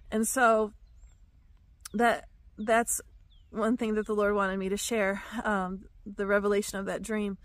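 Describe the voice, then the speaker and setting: A woman giving a reflective devotional teaching about her dreams, speaking softly and pausing with fillers. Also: mid-range voice, level tone, dry recording. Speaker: Christian teacher sharing dreams.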